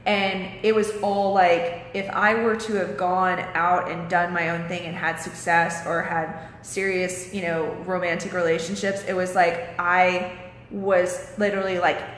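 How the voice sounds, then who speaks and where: A woman's voice: fairly low pitch, steady tone, a little slow, fairly bright tone, echoey room, big-room sound, slight background noise. A young woman vlogging a candid personal story, swearing often and losing her train of thought now and then.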